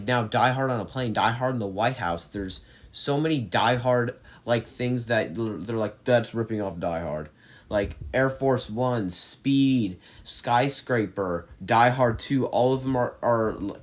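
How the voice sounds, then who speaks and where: Speaking in a mid-range voice, the host of a movie channel runs through a ranking of his favorite films. His delivery is enthusiastic, casual and rambling, with plenty of restarts.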